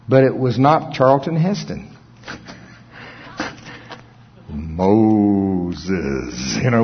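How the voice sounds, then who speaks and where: A middle-aged male pastor preaching a sermon, folksy and storytelling, with chuckles and hushed dramatic pauses. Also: medium pitch, slightly rough. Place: large auditorium. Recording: dull, long-reverb hall sound.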